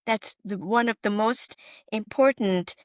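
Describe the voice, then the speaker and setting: A middle-aged woman physician telling stories in a podcast interview, animated and emphatic, often checking in with her listener. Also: mid-range voice, unhurried, dry recording, clean studio sound. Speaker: physician guest.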